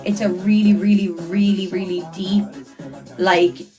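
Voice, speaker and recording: A woman's voice: mid-range voice, flat delivery, unhurried, music in the background. A young woman, hosting a casual livestream and reading out viewer comments in a chatty, earnest way, repeating words for emphasis. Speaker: livestreamer and podcast host.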